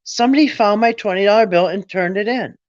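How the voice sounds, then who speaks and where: A man's voice: high voice, fast, no echo. A middle-aged man telling a personal story in a casual, rambling way, often restarting and quoting his own thoughts. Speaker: storyteller on a late-night chat. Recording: dull, dry lo-fi sound.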